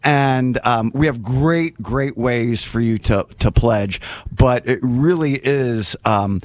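A man's voice: medium pitch, slow, a little mellow, no room sound. A man hosting a radio fundraiser in a studio, talking enthusiastically and rambling with many "um"s and "uh"s. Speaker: radio host. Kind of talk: casual fundraising radio chat.

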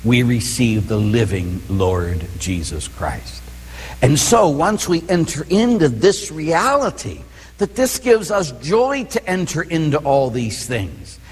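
A man's voice: medium pitch, sing-song, slow pace, slightly rough. A man, a priest, giving a conversational teaching sermon in a church and often asking whether the listeners follow. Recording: long reverb in a large room.

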